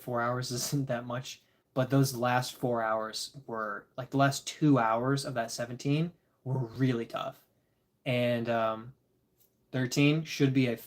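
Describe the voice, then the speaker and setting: A tired man casually chatting with his live-stream audience, chuckling and rambling as he reads the chat. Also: mid-range voice. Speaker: disc golf livestreamer reading chat.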